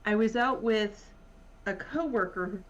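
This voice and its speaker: A woman's voice: mid-range voice, fairly bright tone, slight background noise. Casting note: woman, Virginia accent, easygoing guest on a video call, muffled lo-fi sound, lots of ums. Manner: rambling, many pauses and fillers, laughs often. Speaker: podcast guest. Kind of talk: casual conversation. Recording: muffled lo-fi audio.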